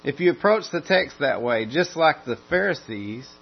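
A man's voice: fairly high pitch, expressive, moderate pace, gravelly, breathy edge. A man preaching an expository sermon, earnest, often restarting and repeating phrases as he builds emphasis. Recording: dull lo-fi sound with mains hum.

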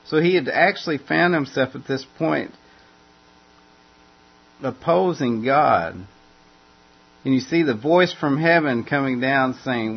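A man's voice: mid-range voice, slow pace, creaky, long pauses, breathy edge. A man preaching in a casual, conversational way, often repeating and restarting phrases as he explains. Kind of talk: conversational Bible teaching. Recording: dull lo-fi recording.

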